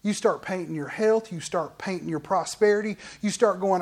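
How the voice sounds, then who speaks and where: A man pastor preaching a sermon in an animated, conversational way, full of asides to the congregation. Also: sits high, brisk, few pauses. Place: church.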